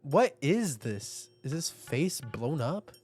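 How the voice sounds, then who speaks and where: Animated man reacting to a comic. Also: fairly high pitch, slow pace, soft background music. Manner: animated, swearing, laughing asides. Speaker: manga reaction host. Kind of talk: casual reaction commentary.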